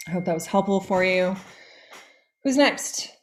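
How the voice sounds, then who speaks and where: A woman's voice: mid-range voice, expressive, unhurried. A woman co-hosting a spiritual livestream, talking loosely and chattily with lots of fillers. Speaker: co-host and spiritual coach. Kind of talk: casual livestream chat.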